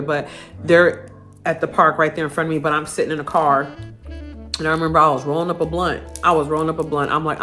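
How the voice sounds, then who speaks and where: An adult woman, telling a personal story to camera in a candid, profane, lively way. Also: low-pitched. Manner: candid, profane, animated retelling. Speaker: vlogger.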